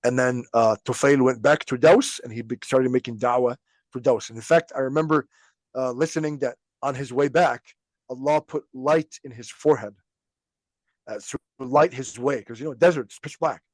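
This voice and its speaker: A man's voice: medium pitch, normal speed, darkish tone, no room sound. A man hosting a podcast, teaching religious history in a casual storytelling way, acting out quotes and laughing at times. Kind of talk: informal religious lesson.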